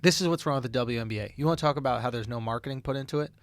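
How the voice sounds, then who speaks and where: A man co-hosting a comedy podcast, riffing provocatively and building up to loud rants. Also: medium pitch, rapid-fire. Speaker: podcast co-host. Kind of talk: comedic casual chat. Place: podcast studio.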